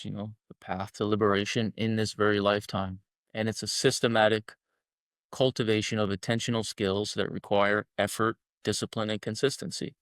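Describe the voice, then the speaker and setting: Man, podcast guest, blunt, emphatic, swears freely, lowish voice, dry close sound. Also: fairly bright tone, no echo. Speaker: guest, men's collective founder. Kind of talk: podcast interview talk.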